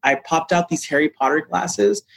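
Animated, higher-voiced man telling stories. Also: normal speed, gravelly. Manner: animated, acts out quoted dialogue; frequent fillers like "like" and "you know". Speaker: actor guest. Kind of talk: casual interview storytelling.

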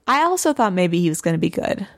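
A woman's voice: lowish voice, very animated, quick pace. A woman co-hosting a comedy podcast, recapping a show in casual chat and laughing often. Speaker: podcast co-host.

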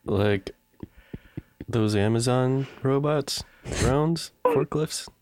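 A man's voice: mid-range voice, extremely slow, darkish tone, smooth. A man co-hosting a comedy call-in show, laughing often and dropping short dry asides. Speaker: co-host. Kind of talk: casual comedy banter.

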